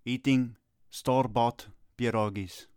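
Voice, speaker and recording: A man's voice: medium pitch, fairly even intonation, slow, darkish tone, clean tone, dry recording. Brief: middle-aged male coach, brooding and theatrical, dry close sound. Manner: gloomy, melodramatic rants that flare into agitated Italian cursing. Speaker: youth soccer coach. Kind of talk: comedic sketch dialogue.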